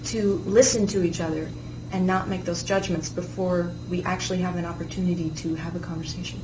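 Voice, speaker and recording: Brisk and steady, with a voice on the low side, this talk show guest, who holds a theater degree, chats casually in an earnest, reflective way. Echo and clear background noise fill the recording.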